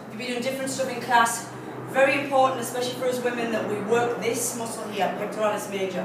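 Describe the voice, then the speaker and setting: A woman coaching a workout video, cueing encouragement while exercising and getting out of breath. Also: fairly high pitch. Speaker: fitness instructor. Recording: very echoey room, distant mic, faint noise.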